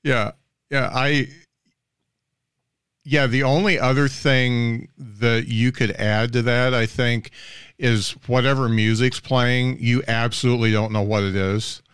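Slow-talking smooth-voiced podcast host. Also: male voice, medium pitch, no room sound, studio quality. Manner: relaxed, lots of short agreeing replies. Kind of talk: casual interview chat.

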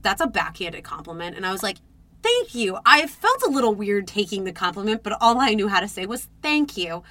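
A young woman co-hosting a podcast, telling a dating story in casual chat, animated and swearing, acting out her own reactions. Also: medium pitch, fast. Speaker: podcast co-host.

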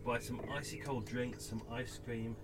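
A man's voice: medium pitch, steady tone, normal speed. A middle-aged man hosting a podcast at home, tired and chatting in a rambling, self-correcting way. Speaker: podcast host. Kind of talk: casual chat. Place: at home indoors.

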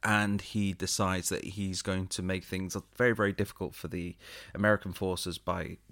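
A man's voice: sits low, level tone, moderate pace, fairly bright tone, no room sound, studio quality. A man co-hosting a podcast, explaining and reviewing films in a chatty, laid-back way. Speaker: podcast co-host. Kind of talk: casual film review chat.

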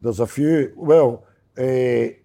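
A middle-aged Scottish man telling stories in casual chat, gruff and sweary with a mock-snappy edge. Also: medium pitch, slow, warm tone. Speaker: guest comedian.

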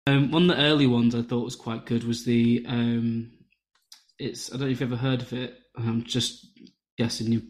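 A man's voice: mid-range voice, flat delivery, moderate pace. Easygoing man, guest podcaster. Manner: easygoing, hesitant, lots of fillers. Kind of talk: casual chat.

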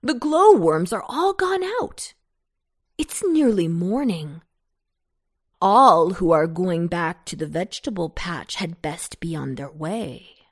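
A woman doing a brisk, scolding witch. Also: on the low side, animated, no room sound, clean studio sound, heavily acted. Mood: urgent.

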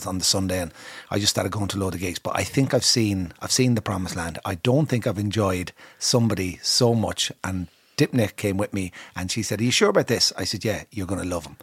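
A man's voice: on the low side, slightly rough, no echo. A man co-hosting a podcast in casual chat, talking freely and swearing a lot. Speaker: podcast co-host, comedian.

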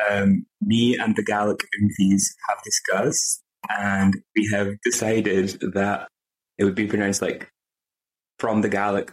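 A man's voice: fairly low pitch, rough recording. A young man with a Scottish accent co-hosting a podcast, chatting casually with lots of fillers and laughs. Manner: rambling, filler-heavy, laughs often. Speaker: podcast co-host. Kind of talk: casual chat.

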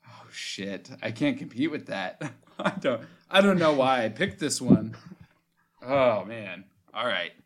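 A man's voice: mid-range voice, lively intonation, slow, a bit bright. A man co-hosting a comedy podcast, laughing often in playful back-and-forth banter. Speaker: podcast co-host. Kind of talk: casual comedic chat.

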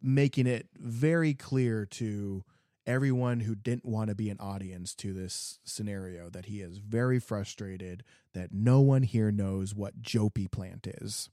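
Podcast co-host, Midwestern man, low mellow voice, dry close sound, lively storyteller. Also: no room sound. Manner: animated, acts out customers in quoted voices. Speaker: garden center worker. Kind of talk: casual storytelling chat.

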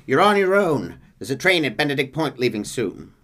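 A man playing a smooth-talking older con-man showman with a genteel, condescending drawl. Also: medium pitch, very animated, normal speed, fairly bright tone.

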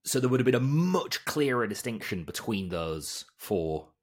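A man from Bolton with a softened Northern English accent, co-hosting a podcast in a rambling, self-deprecating chat. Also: mid-range voice, very animated, moderate pace, slightly rough. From Bolton, England. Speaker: podcast co-host. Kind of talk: casual chat.

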